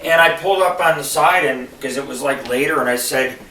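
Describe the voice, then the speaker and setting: Guy from buffalo rambling through a stand-up style story, cusses a lot, bright sharp voice, kinda far from the mic. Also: mid-range voice, fairly quick, a little hiss or hum. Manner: profane, rambling and digressive storytelling. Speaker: radio show host. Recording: echoey room, far from the mic.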